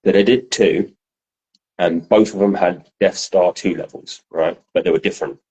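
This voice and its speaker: Deep husky man chatting animatedly. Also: normal speed, dull audio. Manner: animated, swearing, storytelling. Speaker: podcast co-host. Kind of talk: casual chat.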